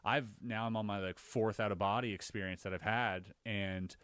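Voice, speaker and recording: A man on a podcast, casually recounting his own experiences as an animated storyteller whose voice jumps higher when he relives the scary parts. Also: normal speed, clear, resonant tone, dry recording. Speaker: podcast co-host.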